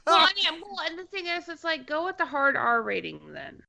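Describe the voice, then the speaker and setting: A woman co-hosting a casual movie review podcast, calmly giving her own take. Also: extremely high pitch, fairly quick, gravelly. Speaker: podcast co-host.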